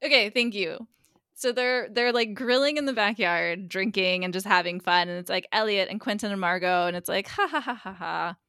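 Woman co-host, casual recap chat, bright tense timbre, lively quoting. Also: mid-range voice, moderate pace, clear, resonant tone, no room sound, clean studio sound. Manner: chatty, acts out character lines in quotes. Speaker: guest co-host recapping episodes.

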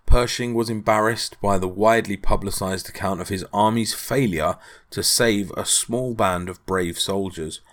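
A man's voice: on the low side, moderate pace, fairly bright tone. A man hosting a history podcast, retelling events casually with frequent ums and asides to the listener. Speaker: podcast host.

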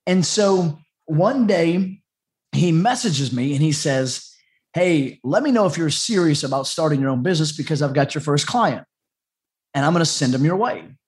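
A man's voice: on the high side, animated, normal speed. A man, a dog trainer telling his story as a podcast guest, rambling and chatty with many restarts. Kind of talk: casual storytelling interview.

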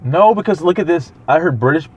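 A man co-hosting a podcast, telling stories in an animated way and laughing often. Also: a little high, a little fast, breathy edge. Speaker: podcast co-host. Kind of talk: casual podcast chat. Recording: slightly dull lo-fi sound.

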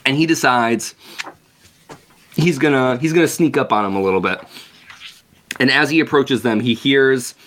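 A man's voice: mid-range voice, normal speed, pauses often, a bit bright. A man casually summarizing a book chapter on a podcast, laid-back and profane, with lots of fillers and "like". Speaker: podcast co-host. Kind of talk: casual book-club chat.

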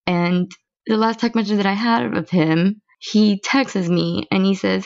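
A woman's voice: mid-range voice, moderate pace, creaky, muffled recording. A woman hosting a podcast, talking through her feelings in a blunt, emotional monologue and swearing freely. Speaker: podcast host. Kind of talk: candid personal monologue.

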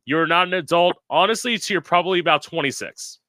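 Young guy telling his story straight, swearing, bright voice, super dry. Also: fairly high pitch, fast talker, dry recording. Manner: candid, dramatic, profane. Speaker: guest.

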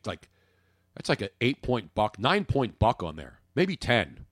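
Animated, jokey sports host. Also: male voice, lowish voice, moderate pace, dry recording, soft background music. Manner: animated, jokey, swings from loud to muttering. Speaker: sports talk podcast host. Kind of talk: opinionated sports talk.

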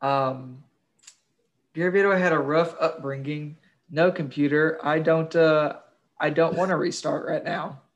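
A man's voice: on the high side, steady tone, a little slow, muffled recording. Joking, foul-mouthed young man. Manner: crude, joking, swears freely. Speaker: podcast co-host. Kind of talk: casual podcast chat.

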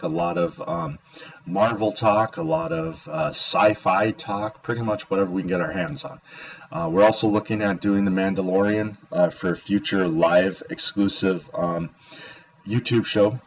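A man's voice: deep voice, creaky. A man co-hosting a casual podcast, rambling with plenty of fillers and emphatic opinions. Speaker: podcast co-host. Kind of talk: casual chat. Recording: dull lo-fi audio.

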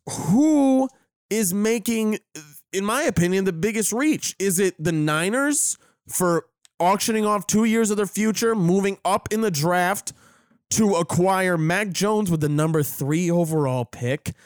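A man co-hosting a casual sports podcast, animated and full of laughs, often halting and restarting mid-sentence. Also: high voice, smooth, no room sound, clean studio sound. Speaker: podcast co-host.

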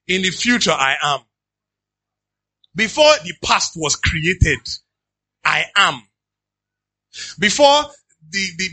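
A man preaching a sermon as pastor, reading scripture aloud and breaking into lively asides. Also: fairly high pitch, gravelly, breathy edge. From Nigeria. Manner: animated preaching, reads scripture then riffs with asides and laughs.

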